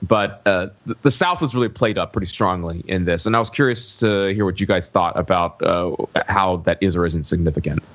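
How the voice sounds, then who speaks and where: A man's voice: low voice, brisk, hardly any pauses, highs cut off. A man from the American South co-hosting a podcast, talking casually about a film and often searching for his words. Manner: searching for words, many fillers and restarts. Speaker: podcast co-host.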